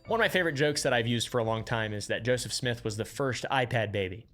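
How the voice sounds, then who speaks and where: A man narrating a history video in a brisk, wry, scripted storytelling manner. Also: mid-range voice, fairly bright tone, faint music behind.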